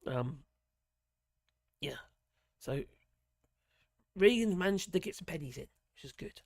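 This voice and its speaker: A chatty man hosting a live stream reads viewer messages aloud and rambles from one thought to the next in casual chat. His slightly high, a little mellow voice has lively intonation and a measured pace, though it's wearing thin as he loses it. The sound is close and dry, with no room echo.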